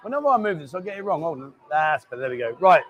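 A man in his fifties hosts a casual live stream, joking with guests and reading viewer comments aloud. His voice sits fairly high for a man. A faint hum runs under the recording. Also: big pitch swings, very fast, a bit bright, muffled recording. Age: 50s. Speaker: host.

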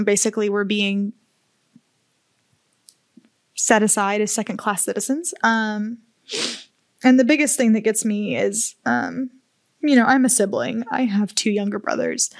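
A woman hosting a solo podcast, talking slowly and candidly with open emotion and casual swearing. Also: a little high, steady tone, a little mellow, dry recording. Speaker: podcast host. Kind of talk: heartfelt solo podcast talk.

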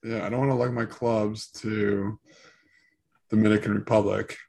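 A man's voice: on the low side, level tone, moderate pace, vocal fry, a little mellow. A man co-hosting a casual chat, hesitant and full of "like" and restarts.

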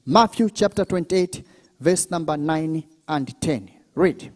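A male pastor preaching a sermon at a church service, drawing call-and-response from the congregation, with bursts of shouting and speaking in tongues. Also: fairly high pitch, animated, takes it slowly, big-room sound.

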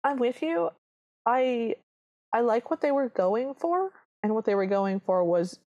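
A woman's voice: high voice, lively intonation, normal speed, a little mellow. A woman co-hosting a podcast, chatting casually as she retells a film scene by scene and acts out the characters' lines. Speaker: podcast co-host.

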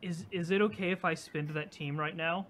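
A man playing a tabletop role-playing game, talking in an animated, rambling way with many fillers. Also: fairly high pitch, fairly quick, slight background noise. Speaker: player.

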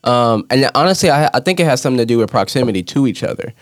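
A man as a podcast guest, speaking in an earnest, reflective way, often quiet. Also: medium pitch, animated, rapid-fire, dry recording, clean studio sound. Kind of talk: casual podcast conversation.

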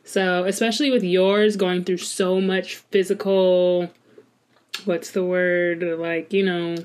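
A woman's voice: lowish voice, little pitch movement, slow pace, darkish tone. Chatty woman co-hosting a casual chat. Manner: chatty, laughs often, talks to herself by name.

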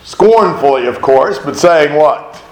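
Male Bible teacher, somewhat high voice, emphatic and lively, recorded in a roomy space with faint background noise. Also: slow pace. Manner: emphatic, animated, with rhetorical questions. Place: room with a group of listeners.

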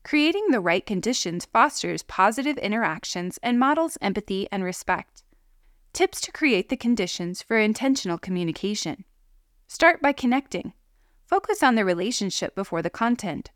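A woman giving calm, measured scripted narration of parenting guidance. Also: medium pitch, no room sound, clean studio sound. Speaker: parenting educator.

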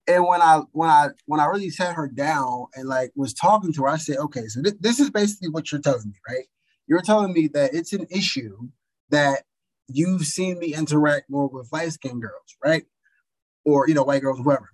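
A young man in casual chat, telling stories in a blunt, profane, animated way. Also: fairly high pitch, moderate pace, rough recording.

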